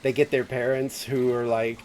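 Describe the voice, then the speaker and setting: A man's voice: mid-range voice, little pitch movement, moderate pace, a crowd in the background. A man streaming a game, chatting in a rambling way with lots of fillers and laughs. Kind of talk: casual chat while gaming.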